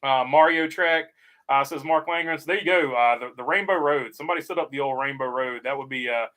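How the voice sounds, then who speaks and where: A man's voice: medium pitch, brisk, pushed and bright. A man hosting a casual livestream, reading viewer comments aloud and chatting easily with many "uh" fillers. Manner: frequent "uh" fillers, easygoing. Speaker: livestream host reading chat.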